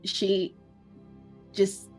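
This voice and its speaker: A woman's voice: extremely slow, faint music behind. A woman narrating a tabletop game as game master, with many hesitations and ums.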